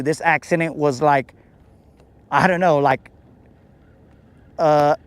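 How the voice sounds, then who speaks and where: A man's voice: on the high side, smooth, no room sound. A man hosting a podcast, telling a story in a casual, slangy, laid-back way. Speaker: podcast host.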